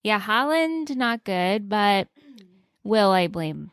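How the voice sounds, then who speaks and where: A woman co-hosting a podcast in casual chat, playful with quick interjections. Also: medium pitch, big pitch swings, smooth, no room sound, studio quality. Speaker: podcast co-host.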